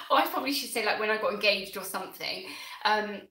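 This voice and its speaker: A woman hosting a gardening channel's live stream chat, flustered and excitable, halting with many restarts. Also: medium pitch. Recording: roomy room echo.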